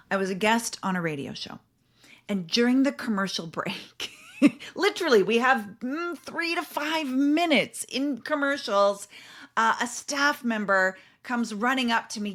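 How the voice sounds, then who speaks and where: Animated woman parenting coach. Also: fairly high pitch, a little slow. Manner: animated storyteller, acting out parents' lines. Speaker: parenting coach and podcast host. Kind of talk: casual podcast talk.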